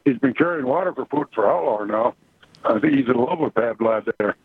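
Husky opinionated caller man on a phone. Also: mid-range voice, brisk, no room sound, narrow, tinny audio. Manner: blunt, opinionated.

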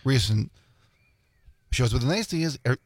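A man's voice: mid-range voice, expressive, dry recording. A man working as a radio studio engineer and producer, chatting on air in an easygoing, hesitant way, in a radio studio on a studio microphone. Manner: easygoing, hesitant, pauses mid-sentence. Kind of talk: casual talk radio chat.

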